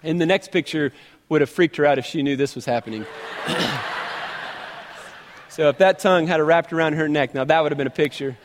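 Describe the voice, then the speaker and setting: High-voiced animated pastor man. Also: brisk, pauses often, in a large hall, slight background noise. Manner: animated, humorous storyteller. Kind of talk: sermon storytelling.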